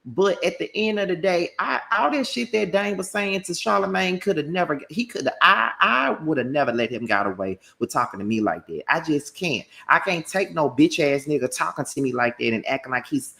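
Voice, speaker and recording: A man delivering a combative, profane commentary rant packed with rapid-fire rhetorical questions. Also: on the high side, animated, gravelly, pushed and bright. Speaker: commentary YouTuber.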